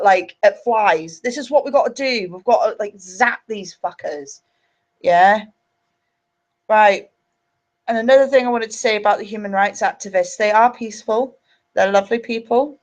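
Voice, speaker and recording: A woman's voice: mid-range voice, measured pace, long pauses. A woman hosting a live stream, angry, sweary and ranting. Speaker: livestream host.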